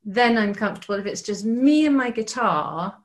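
A woman's voice: a little high, expressive, moderate pace. A woman, a musician and actor, chatting as a podcast guest in a rambling, self-deprecating way. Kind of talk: casual interview chat.

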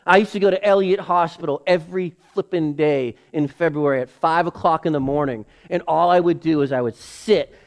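A middle-aged male pastor preaching a sermon to his church, building to emphatic calls and dropping into hushed asides. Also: fairly quick, few pauses. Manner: preaching with emphatic rises, drops to low acted inner voices.

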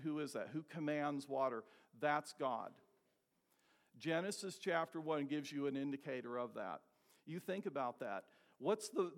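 Gravelly-voiced man preaching emphatically. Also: a little high. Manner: emphatic, rhetorical questions, slows for stress. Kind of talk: expository sermon.

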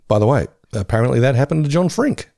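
A man's voice: mid-range voice, animated, quick pace, gravelly, mellow, dry recording, studio quality. A man, co-hosting a podcast with wry, teasing asides. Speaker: podcast co-host. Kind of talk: casual podcast chat.

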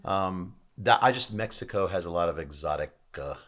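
A male guest in casual chat, pausing often and searching for words. His voice sits very low. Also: expressive, a bit bright. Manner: halting, full of fillers.

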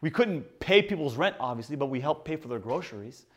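A man in his forties, a pastor preaching a sermon in a church, telling stories with lively swings in pitch and loudness and calling out to the congregation. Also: a little fast. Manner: prays and calls to the congregation.

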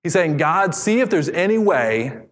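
A man preaching a sermon, animated, reading scripture aloud and acting out voices. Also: a little high, moderate pace. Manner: animated preaching, acts out David's voice. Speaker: pastor. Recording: long hall reverb.

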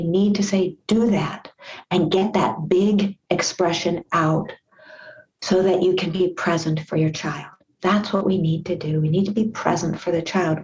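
A woman's voice: lowish voice, a little mellow, lo-fi sound. A woman speaking as a parenting guest expert on a podcast, earnest and repeating her key points for emphasis. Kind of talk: podcast interview.

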